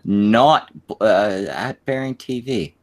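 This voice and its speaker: Rambling French Canadian stream host. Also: male voice, on the low side, takes it slowly. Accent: Quebec French Canadian. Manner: rambling, full of fillers and restarts. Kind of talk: casual crude banter.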